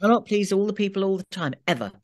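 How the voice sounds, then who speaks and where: A woman's voice: mid-range voice, lively intonation, fast talker, a little mellow. A middle-aged British woman, an audiobook narrator, chatting casually and animatedly about her work. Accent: British English. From Britain. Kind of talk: casual chat.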